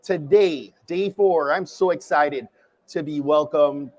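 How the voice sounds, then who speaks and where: A man's voice: a little high, slow, darkish tone. A man with a Jamaican accent, hosting a live interview at a conference booth in an upbeat, welcoming way. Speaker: livestream host.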